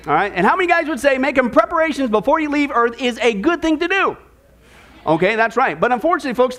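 A man preaching a sermon to his listeners, calling them folks, with repeated words and animated emphasis. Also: very high-pitched. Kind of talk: sermon with a joke.

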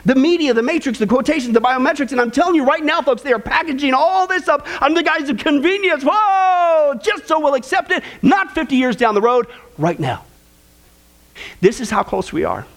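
A man preaching a sermon in an animated way, acting out the voices of the people he quotes. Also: very high voice, fairly quick.

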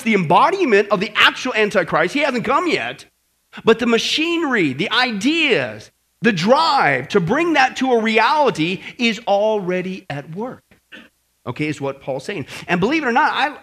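A male preacher with a high voice teaches scripture in a sermon. He is emphatic and conversational, and he keeps turning to the congregation to make sure they follow. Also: a bit bright. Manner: emphatic, conversational, checks in with "okay?" and "listen".

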